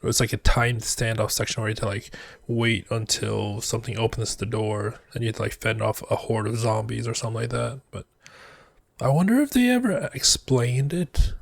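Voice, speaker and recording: A man's voice: mid-range voice, moderate pace, creaky, no room sound. A man giving casual reaction commentary as a vtuber, rambling and thinking aloud with many fillers.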